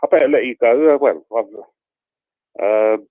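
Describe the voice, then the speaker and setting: A male caller chatting with a host, rambling, laughing softly and repeating "yeah, yeah". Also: mid-range voice, moderate pace, dry recording. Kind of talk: casual phone chat. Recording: dry tinny phone line.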